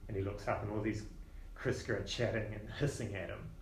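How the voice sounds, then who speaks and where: Low-voiced man narrating a tabletop game. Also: steady tone, fairly quick, slight background noise. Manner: loose, casual narration with restarts. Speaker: game master. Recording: roomy echo.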